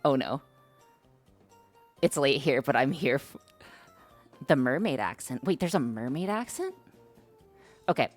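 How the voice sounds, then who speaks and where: A woman with a remarkably low voice chats casually with her stream audience. She talks hesitantly and self-consciously, with frequent fillers and restarts, while faint music plays underneath. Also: lively intonation, unhurried, long pauses. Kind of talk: casual live-stream chat.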